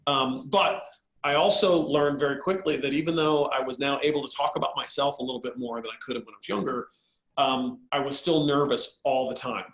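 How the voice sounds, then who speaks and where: A man's voice: mid-range voice, a little fast, echoey room, poor audio. A man, a guest on a show, telling a personal story in a casual, conversational way. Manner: animated, conversational, with fillers. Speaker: guest speaker.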